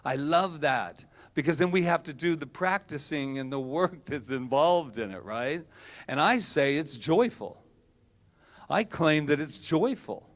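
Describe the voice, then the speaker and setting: A man preaching a sermon to a church congregation, animated, swinging between loud bursts and quiet asides. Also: on the high side. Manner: animated, acts out quoted voices, swings loud and soft. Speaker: minister. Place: church service hall.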